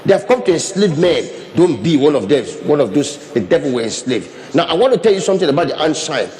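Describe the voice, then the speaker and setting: A man's voice: fairly high pitch, sing-song, quick pace, a little mellow. A man preaching a sermon as pastor, talking animatedly, repeating and restarting phrases as he demonstrates with his hands. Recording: long reverb of a hall.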